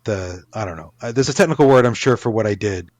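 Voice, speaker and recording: A man's voice: on the low side, expressive, fast, a little mellow, dry recording. A man, an author, talking casually in an interview, rambling with many restarts and fillers. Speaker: author guest.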